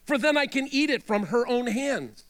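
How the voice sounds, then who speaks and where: A man's voice: extremely high pitch, expressive, normal speed, fairly bright tone. A man reading the part of a selfish young prince, delivering his lines with commanding urgency. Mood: demanding.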